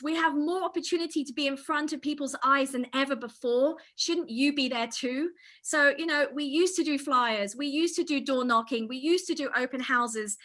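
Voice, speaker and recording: A middle-aged woman real estate agent giving an energetic online training session, speaking straight to her audience. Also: high-pitched. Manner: energetic, enthusiastic, addresses audience directly.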